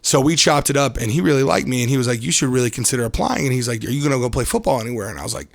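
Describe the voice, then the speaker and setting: Podcast guest, young man from Detroit, easygoing slangy storyteller, mid pitch, dry close mic. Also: expressive, very fast, vocal fry, no echo. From Detroit, Michigan. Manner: loose, slangy, restarts often. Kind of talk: casual storytelling interview.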